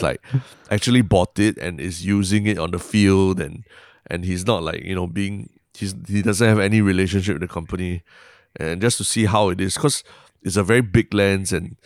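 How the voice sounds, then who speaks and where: A man's voice: low-pitched, dry recording, clean studio sound. A young man with a Singaporean English accent co-hosting a podcast, chatting casually and rambling, often trailing off and adding "lah". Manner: rambling, self-interrupting, frequent "lah" and "like". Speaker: podcast co-host.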